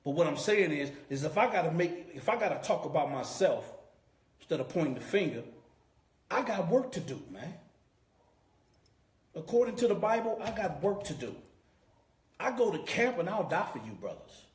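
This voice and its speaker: A man's voice: fairly high pitch, big pitch swings, normal speed, long pauses. A man teaching a scripture class as a preacher, emphatic and repeating his key points. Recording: roomy echo.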